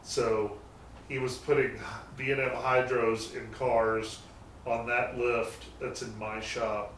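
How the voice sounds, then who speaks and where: A man's voice: medium pitch, little pitch movement, slow pace, fairly bright tone. A man talking casually as a guest, telling rambling stories about his garage shop with the odd curse word. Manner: rambling anecdotes with mild swearing. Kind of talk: casual storytelling chat. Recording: echoey garage, distant mic, faint noise.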